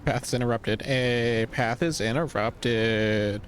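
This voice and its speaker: A streamer playing a role-playing video game mutters to himself in exasperation, cursing often while planning his moves in casual commentary. His medium-pitched voice is slow and steady, with faint music in the background.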